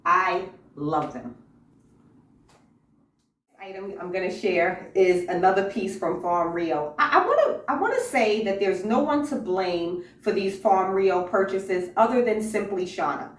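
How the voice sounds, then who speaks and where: A woman's voice: medium pitch, measured pace. A woman hosting a casual fashion haul vlog, talking enthusiastically to camera with a few fillers and repeats, in an indoor room with a clothing rack. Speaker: fashion vlogger, channel host. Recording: roomy echo, distant mic, faint hiss.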